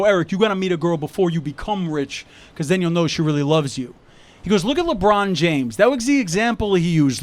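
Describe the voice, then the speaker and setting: A male stand-up comedian from New York telling jokes in a conversational way and acting out talks with friends, recorded outdoors on a rooftop. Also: sits high. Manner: conversational, acts out dialogue with friends.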